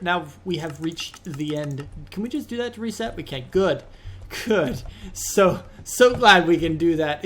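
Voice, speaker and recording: A man with a high, light voice talks casually over his gameplay. He rambles from one aside to the next and gets exasperated easily when things go wrong. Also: a bit bright. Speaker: let's play host.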